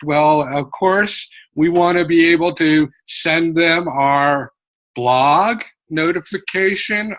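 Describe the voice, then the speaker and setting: A man giving a casual, unhurried lesson on book marketing from an office, explaining step by step with frequent fillers. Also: a little high, a bit bright, low-quality recording. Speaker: writing and marketing instructor. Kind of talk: casual instructional talk to camera.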